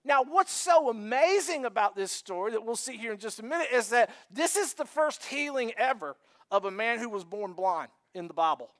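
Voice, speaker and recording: High-voiced man preaching animatedly. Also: normal speed. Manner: animated, joking, acts out scenes. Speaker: pastor. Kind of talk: sermon.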